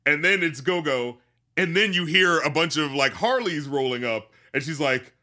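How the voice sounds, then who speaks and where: Guy on a podcast rambling about a movie, lots of swearing and laughs, super bright voice. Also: on the high side, expressive, moderate pace. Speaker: podcast co-host. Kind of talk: casual film discussion.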